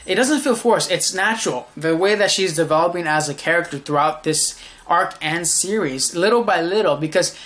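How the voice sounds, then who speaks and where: Young man, casual manga review, slightly high-pitched, rambling, enthusiastic, frequent restarts. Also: normal speed, a bit bright.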